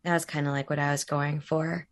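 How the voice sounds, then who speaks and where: A woman with a low-pitched voice talks about her work as an interview guest. She rambles, restarts her sentences and scatters fillers as she talks. She laughs easily along the way. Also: little pitch movement, a little fast. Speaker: voice actor guest. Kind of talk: casual interview chat.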